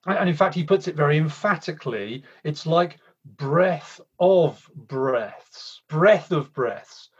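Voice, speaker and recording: A man's voice: medium pitch, breathy edge. A man preaching a sermon in a conversational way, with frequent restarts. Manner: conversational, halting with repeated restarts. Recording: slightly dull lo-fi sound.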